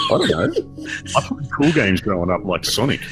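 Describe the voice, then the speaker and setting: A man's voice: fairly low pitch, fairly bright tone. A man with an Australian accent, chatting playfully as a podcast co-host and mumbling through game names. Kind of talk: casual chat. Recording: music playing underneath. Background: music.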